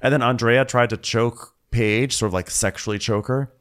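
A man's voice: medium pitch, steady tone, normal speed. A man co-hosting a podcast, making wry, joking asides while recapping a reality show in casual chat. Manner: wry, joking asides, loud mock-quotes. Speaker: podcast co-host.

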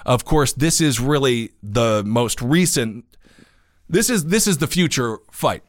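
A man's voice: medium pitch, measured pace, dry recording, studio quality. A man hosting a podcast, giving casual news commentary with sarcastic asides and growing indignation. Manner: animated, sarcastic, gets indignant. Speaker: podcast host.

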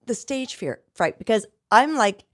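A woman's voice: fairly high pitch, sing-song, measured pace, fairly bright tone, dry recording, clean studio sound. A middle-aged woman singer talking earnestly as a podcast guest, reflective, with frequent restarts and some stretched-out words. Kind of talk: candid conversational interview.

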